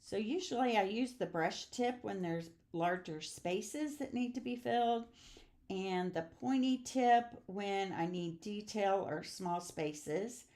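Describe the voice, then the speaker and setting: A woman's voice: mid-range voice, slow pace, darkish tone. Chatty older woman teaching crafts. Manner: chatty, homey, sings snippets and laughs. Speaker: crafting class host. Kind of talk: casual craft demonstration.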